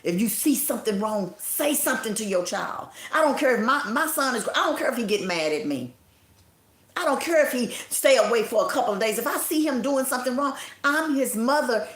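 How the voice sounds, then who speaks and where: A woman's voice: on the high side, lively intonation, fairly quick, reverberant. Grieving woman, impassioned and scolding. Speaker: livestream host. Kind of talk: emotional livestream monologue. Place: indoor room at home.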